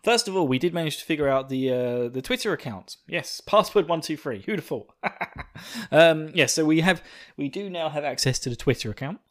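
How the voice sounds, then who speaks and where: A young Englishman with an Essex accent hosts a podcast, chatting casually, poking fun at himself and laughing a lot. His voice is a little high and fairly bright, with lively intonation and a brisk pace.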